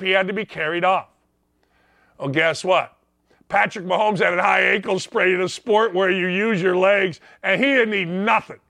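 Fired-up male sports talk host, high and sharp, mocks whiny players, dry booth mic. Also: no room sound. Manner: loud, mocking, does whiny voices of players. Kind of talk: opinionated sports rant.

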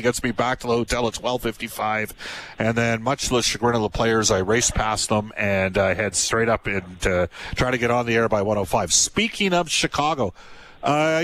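A man's voice: medium pitch, a bit bright. A man hosting a sports radio talk show, chatting easily and reading ads in stride.

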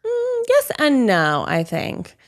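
A woman's voice: high voice, wildly swooping pitch, slow. A woman co-hosting a podcast, musing in an easygoing, back-and-forth way during casual chat. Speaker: podcast co-host.

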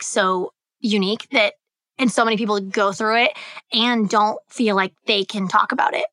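A woman's voice: medium pitch, pushed and bright, no room sound. A young woman hosting a podcast alone, talking candidly in a loose, chatty way full of "like" and "um". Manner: candid, chatty, filler-heavy. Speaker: podcast host. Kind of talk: solo podcast talk.

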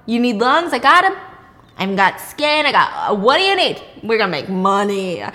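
A woman voicing a creepy, scheming male crime boss who talks loudly and gloats. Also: on the high side, moderate pace. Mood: excited. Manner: loud, gloating, excited.

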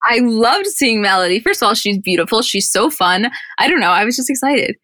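A woman's voice: a little high, very animated, a little fast, sharp tone, no room sound, clean studio sound. A woman co-hosting a casual recap podcast, chatty and rambling, acting out quotes and laughing often. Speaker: podcast co-host.

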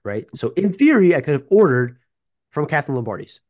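A man's voice: fairly high pitch, sing-song, darkish tone, highs cut off. A man co-hosting a casual sports podcast as a beat reporter, joking at his own expense with plenty of fillers. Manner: quick, self-deprecating, with fillers.

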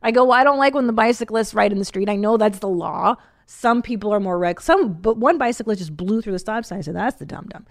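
A middle-aged woman hosting a podcast, chatting casually and telling animated stories, acting out quotes and laughing often. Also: medium pitch, fast, few pauses. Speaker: podcast host. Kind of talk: casual chat.

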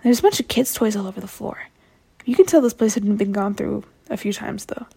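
A woman's voice: medium pitch, a little fast, gravelly, dark tone, breathy edge. A young woman casually telling a personal story to a podcast, chatty and self-mocking.

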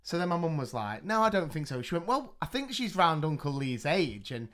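A man co-hosting a casual podcast, with a bright, forceful voice pitched a bit high. He tells stories with lively energy and laughs easily. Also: fairly quick. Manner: animated storyteller, laughs while telling. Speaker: podcast co-host. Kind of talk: casual storytelling chat.

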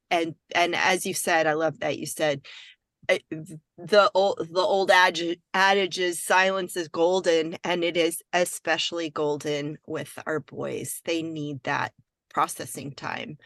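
A woman chatting on a parenting podcast, agreeing often and talking in an unhurried way. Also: low voice, fairly even intonation, a bit bright, dry recording, clean studio sound. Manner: slow, agreeable, many affirming murmurs. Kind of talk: casual podcast conversation.

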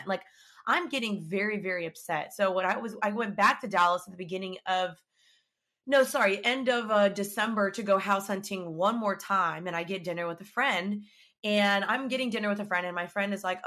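A woman's voice: mid-range voice, brisk, a bit bright. A young woman hosting a podcast, chatting casually and animatedly retelling her story with quoted back-and-forth. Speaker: podcast host.

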